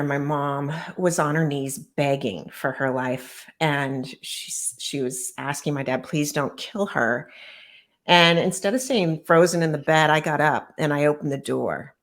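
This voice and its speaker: Woman, middle-aged, low voice, earnest and measured, personal storytelling. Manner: earnest, measured recounting of painful memories. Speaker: guest author.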